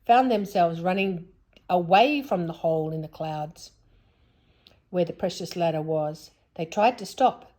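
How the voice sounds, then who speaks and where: A woman reading a children's story aloud in an expressive, lively way. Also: mid-range voice.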